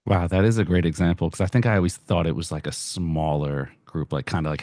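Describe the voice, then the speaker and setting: Deep-voiced male interviewer, dry sound. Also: fairly even intonation, fast talker, darkish tone, dry recording. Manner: thinks aloud, paraphrases the guest. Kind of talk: casual interview.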